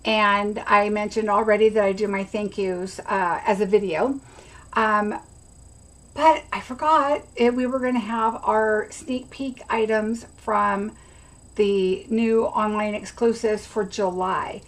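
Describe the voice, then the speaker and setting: A woman's voice: mid-range voice, fairly even intonation, slow, low-quality recording. A middle-aged woman hosting a casual craft livestream, rambling chattily and greeting viewers by name. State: has the hiccups.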